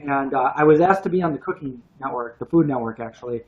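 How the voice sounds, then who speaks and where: A man's voice: mid-range voice, fast talker. Guy rambling on a live stream, lots of restarts, kinda muffled lo-fi sound. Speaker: co-host of vegan cooking livestream. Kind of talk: casual livestream chat. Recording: dull lo-fi stream audio.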